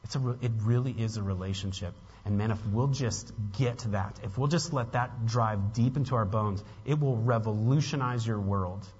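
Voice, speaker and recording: A man's voice: fairly low pitch, moderate pace, few pauses, a little mellow, breathy edge. A man preaching a sermon as pastor, earnest and building to emphatic peaks, with casual asides to the congregation. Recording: dull lo-fi with long hall reverb.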